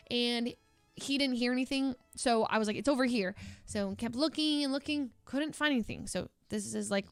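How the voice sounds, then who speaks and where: A woman's voice: a little high, clear, resonant tone, no room sound. A young adult woman streamer telling a story in a casual, rambling way, full of filler words and laughing asides.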